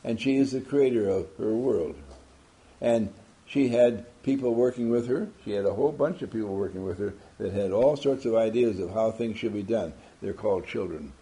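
A man's voice: fairly low pitch, moderate pace, warm tone. A man giving an emphatic motivational talk to a group, asking many rhetorical questions. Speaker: motivational speaker.

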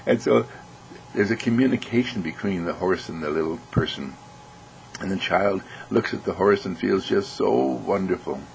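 A man giving a gentle, reflective talk, telling stories and acting out voices. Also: medium pitch, vocal fry, a little hiss or hum, low-quality recording. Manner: gentle, storytelling with acted voices. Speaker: speaker.

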